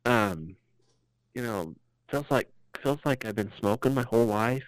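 A man plays a feverish rural repairman who drawls and wanders through his story in a hesitant, halting way. The voice sits at a middling pitch. It sounds close and dry. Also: expressive, no echo, poor audio. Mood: rambling. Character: ailing rural maintenance man with a put-on country drawl. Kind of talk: comedic bit on a podcast.

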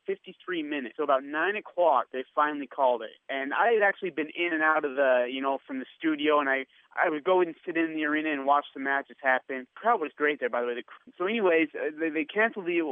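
Over a tinny phone line with no room sound, a male guest tells a story in casual chat, animatedly acting out the lines of people he met. His voice is a little high, quick, with few pauses.

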